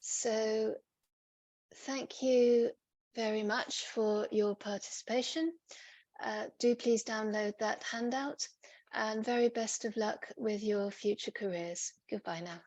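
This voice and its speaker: Woman doing an online q&a, reads questions out then answers, pretty monotone, dry sound. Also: on the high side, slow, no echo, highs cut off. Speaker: presenter answering audience questions. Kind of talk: online webinar Q&A. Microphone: video call.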